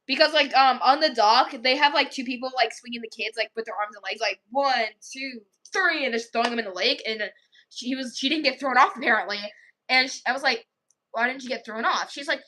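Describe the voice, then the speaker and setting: A woman's voice: high voice, a little fast, bright, forceful tone, a little hiss or hum. A young woman casually telling a story to camera, chatty and full of "like", acting out what the kids said. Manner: chatty, acts out quoted kids, many "like"s. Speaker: vlogger.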